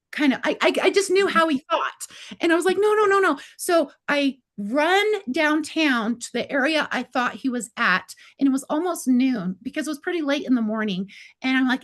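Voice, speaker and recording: A middle-aged woman telling a personal story in casual talk, acting out the dialogue with lots of "I was like.". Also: high voice. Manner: animated, acts out quoted dialogue with lots of "I was like". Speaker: guest telling her story.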